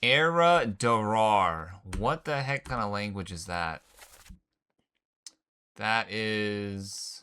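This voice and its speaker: Slow and smooth, with long pauses, a man with a lowish, bright and forceful voice hosts a gaming channel. He plays a puzzle game in casual let's-play style, mumbling guesses and thinking out loud in slangy speech.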